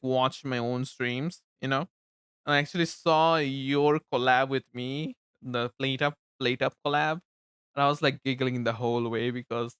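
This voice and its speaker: A young Bengali-speaking man from eastern India, with an Indian accent, chats casually on a livestream, rambling, laughing and repeating words. His medium-pitched voice is slightly bright, clear and resonant, recorded with clean studio sound and no room echo.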